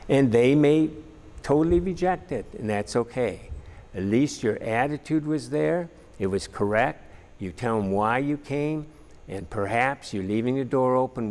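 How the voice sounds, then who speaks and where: A man's voice: medium pitch, expressive, a little slow, a little mellow, big-room sound. A man teaching a practical church class in an earnest, plainspoken way, with frequent fillers. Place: church meeting room.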